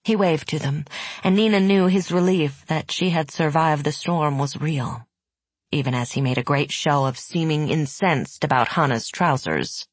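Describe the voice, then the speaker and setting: A woman narrating an audiobook in a measured, even storytelling manner, recorded close to the mic. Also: sits low, breathy edge, no echo. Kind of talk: scripted narration.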